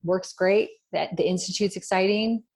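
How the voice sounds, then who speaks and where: A woman co-hosting a podcast, talking in a relaxed and rambling way with many fillers. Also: medium pitch, moderate pace. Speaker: podcast co-host. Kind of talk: casual podcast chat.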